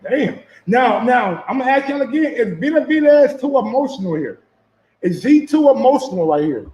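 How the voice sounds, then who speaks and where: A man's voice: extremely high pitch, big pitch swings, moderate pace, a little mellow, dull audio. A man commenting casually on boxing footage, loose and profane, repeating himself and putting questions to his viewers. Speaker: sports commentator reacting to footage. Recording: echoey room.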